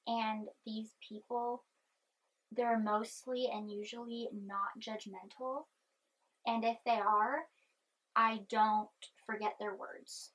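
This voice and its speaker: A young woman vlogging in a soft-spoken, rambling way, chewing gum and anxious. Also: a little high, level tone, slow, poor audio. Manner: chatty, meandering, chewing gum. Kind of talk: rambling personal vlog.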